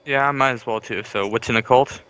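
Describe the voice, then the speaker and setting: A man's voice: medium pitch, brisk, a bit bright, poor audio. A man playing in a tabletop game, chatting in an easygoing, amused way. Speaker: player. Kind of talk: casual chat during a tabletop game.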